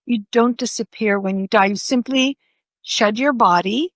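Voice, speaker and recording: Lively, fairly high-voiced woman storyteller. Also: normal speed, dry recording. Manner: animated, vividly acts out voices in her stories. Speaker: author and podcast guest. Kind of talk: personal storytelling in conversation.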